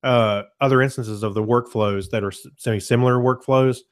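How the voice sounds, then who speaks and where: A man casually presenting a software demo on a web call, explaining in a loose, self-correcting way and often clearing his throat. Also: mid-range voice, steady tone, normal speed.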